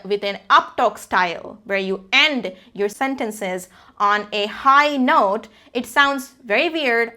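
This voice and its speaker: A woman's voice: mid-range voice, sharp tone. A woman coaching viewers on spoken communication, lecturing emphatically and acting out examples in her own delivery. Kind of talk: direct-to-camera speaking lesson.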